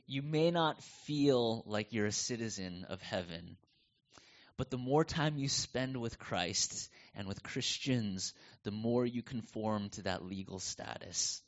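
Pastor with a North American accent. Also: male voice, mid-range voice. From United States. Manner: conversational, animated storytelling. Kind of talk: sermon. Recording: dull lo-fi sound.

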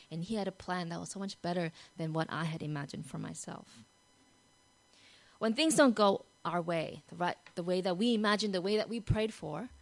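A woman giving a devotional talk. She tells the story animatedly, often asks "right?", and moves from soft, hushed passages to loud, excited ones. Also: lowish voice, creaky, rough recording. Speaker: Christian devotional speaker.

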